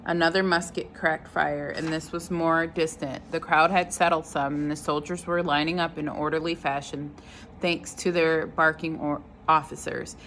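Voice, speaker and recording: Woman reader, low voice, steady read-aloud of a novel. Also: slight background noise, low-quality recording. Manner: unhurried, stops to comment on the story.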